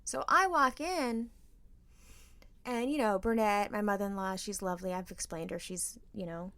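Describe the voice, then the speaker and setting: Woman, podcast co-host, animated storytelling, dry close sound. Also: medium pitch, normal speed, no echo. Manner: animated storyteller, acts out quoted voices. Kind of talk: casual storytelling chat.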